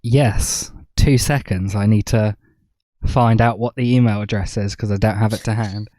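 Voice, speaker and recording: A man co-hosting a casual podcast, speaking in a quiet, laid-back, matter-of-fact way. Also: lowish voice, steady tone, normal speed, dry recording. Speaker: podcast co-host. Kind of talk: casual chat.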